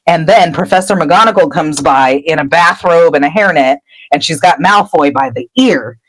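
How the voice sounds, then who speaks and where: A woman's voice: sits low, moderate pace, low-quality recording. A woman podcast host casually recapping a book chapter, laughing and popping into character voices. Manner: animated, laughing storyteller.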